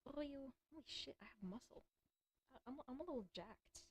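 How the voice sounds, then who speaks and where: This woman's voice is high and expressive, moving a little fast over slight background noise. Alone on a laid-back stream, she rambles, curses frequently, stumbles over words and occasionally whispers, poking fun at herself as she goes.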